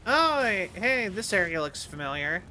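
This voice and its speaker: High, bright-voiced man streaming. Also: very animated, moderate pace, slight background noise. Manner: rambling, chatty, laughs a lot. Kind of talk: casual gameplay commentary.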